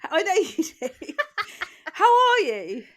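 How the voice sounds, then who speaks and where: A woman co-hosting a casual comedy podcast, playful and quick to laugh. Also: very high-pitched, wildly swooping pitch, fairly bright tone. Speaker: podcast co-host.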